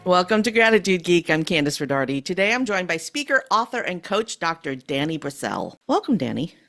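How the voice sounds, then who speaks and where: A woman's voice: deep voice, big pitch swings, a little fast, vocal fry, fairly bright tone, soft background music. A woman hosting a podcast interview, welcoming her guest and asking questions in an upbeat way. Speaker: podcast host.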